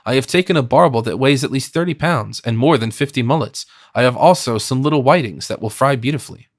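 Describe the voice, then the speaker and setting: A man's voice: mid-range voice, quick pace, dry recording, studio quality, lightly acted. A man voicing a cunning, talkative fisherman in his fifties who speaks deferentially but slyly. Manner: chatty, wily and deferential.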